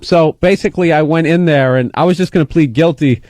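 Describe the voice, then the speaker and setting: A man in his forties with a fairly high voice talks quickly, recorded with no room sound. He's a comedian guest in a radio studio, animatedly telling a story in casual chat and acting out the other people in it.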